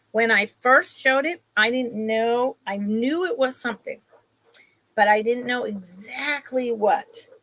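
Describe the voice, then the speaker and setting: Woman, live sale host, slow unhurried talk, gravelly voice, chatty with viewers. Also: on the high side, no room sound. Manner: chatty, greets viewers by name, talks while handling items. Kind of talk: casual live-stream sales chat.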